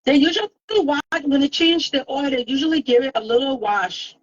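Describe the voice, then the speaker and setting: High-voiced woman explaining plainly. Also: lively intonation, brisk. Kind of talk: casual chat. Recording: dull lo-fi recording.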